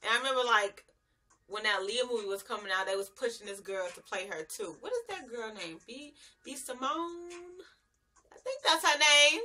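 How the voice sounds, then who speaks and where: A woman's voice: on the high side, animated, normal speed, sharp tone. A young woman, reviewing a reality show in casual, slangy chat and laughing often.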